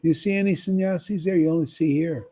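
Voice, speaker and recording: Husky, mellow-voiced man giving a devotional talk. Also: a little high, quick pace. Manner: conversational, rambling, repeats words and asks "see?". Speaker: spiritual teacher.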